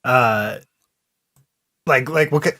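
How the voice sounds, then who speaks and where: A man's voice: mid-range voice, takes it slowly, pushed and bright. A man playing a tabletop game in casual talk who swears and hedges with fillers. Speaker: player.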